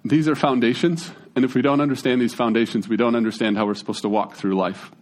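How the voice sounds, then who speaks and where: A man, giving a casual, conversational sermon as a pastor, with folksy, animated storytelling. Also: medium pitch, fast.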